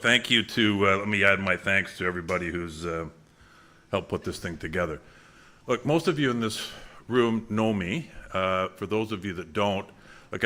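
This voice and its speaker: Emphatic bright-voiced male politician. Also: low-pitched. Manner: earnest, emphatic, with frequent restarts. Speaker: member of parliament at town hall. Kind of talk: public town hall speech.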